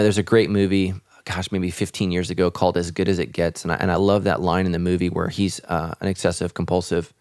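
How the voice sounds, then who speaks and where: Man, pastor, podcast conversation on faith, deep voice, earnest, dry close sound. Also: a little mellow, no echo. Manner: earnest, reflective.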